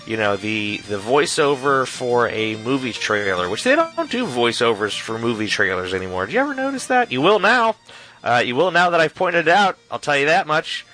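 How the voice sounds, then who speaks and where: A man's voice: mid-range voice, sharp tone, low-quality recording. Chatty man hosting a radio music show. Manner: chatty, rambling asides with fillers. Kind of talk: casual radio DJ back-announcing.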